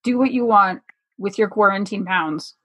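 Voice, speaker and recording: A woman on a casual podcast chat, making deadpan jokes. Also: medium pitch, normal speed, husky, no room sound. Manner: deadpan, joking. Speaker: podcast guest.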